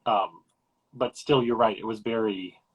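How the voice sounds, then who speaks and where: A man co-hosting a live chat, offering thoughtful, measured opinions about a film. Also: lowish voice, steady tone, breathy edge, rough recording. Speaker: podcast co-host.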